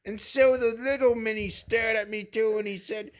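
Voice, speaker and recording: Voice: medium pitch, steady tone, moderate pace, noisy background. A storyteller improvising a silly tale in a rambling, playful way, often breaking into laughter.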